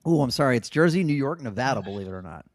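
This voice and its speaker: Lively, laughing male quiz host. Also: medium pitch, rapid-fire, no room sound. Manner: laughs often, loose and joking. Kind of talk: casual podcast quiz hosting.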